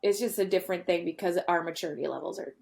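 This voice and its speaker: A woman comedian guesting on a podcast in casual chat, earnest and halting with restarts. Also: on the low side, vocal fry, darkish tone.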